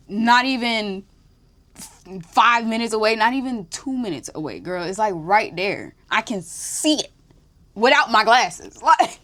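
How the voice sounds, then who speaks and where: A young woman with a somewhat high voice tells a story on her own podcast. She is animated and blunt, swears freely and slips into laughter as she talks. The delivery is loose casual chat. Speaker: podcast host.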